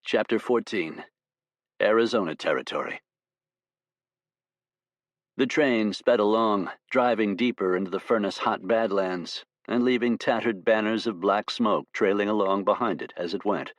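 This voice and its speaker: Low-voiced man narrating an audiobook. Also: normal speed, no room sound.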